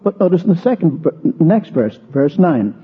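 A man's voice: fairly high pitch, big pitch swings, moderate pace. A man preaching an expository sermon, walking through verses and stressing repeated words, then telling a personal story. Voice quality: husky. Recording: tinny, narrow-band old recording.

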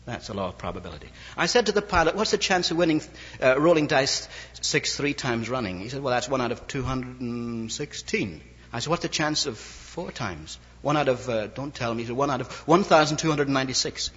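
A man's voice: mid-range voice, lively intonation, brisk, a bit bright, breathy edge. A man preaching a sermon, telling anecdotes and acting out the dialogue of the people in them, in an old recording. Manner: storytelling, quoting others in dialogue. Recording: lo-fi old recording in a reverberant hall.

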